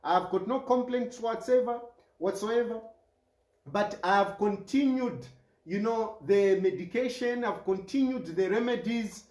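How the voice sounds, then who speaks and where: A Zambian man addresses the camera in an earnest, pleading way and repeats his main points. His voice sits fairly high for a man and he talks slowly and deliberately. The room around him gives off a clear echo. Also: a little mellow. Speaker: mayoral candidate.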